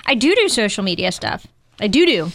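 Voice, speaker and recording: A woman's voice: mid-range voice, big pitch swings, brisk, a bit bright, a little hiss or hum. A woman co-hosting a casual car podcast, chatty and upbeat. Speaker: podcast co-host.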